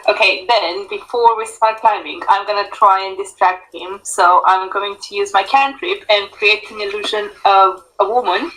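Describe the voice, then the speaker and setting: A woman's voice: mid-range voice, moderate pace, few pauses, fairly bright tone, poor audio. A woman playing a tabletop game, hesitant and thinking aloud with many fillers. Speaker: player. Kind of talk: casual tabletop play.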